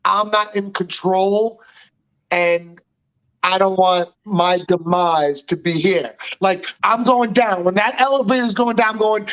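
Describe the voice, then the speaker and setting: Podcast co-host, casual chat, swears freely, emphatic delivery, mid-pitched voice. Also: fairly even intonation, a little slow, fairly bright tone, highs cut off. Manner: profane, emphatic.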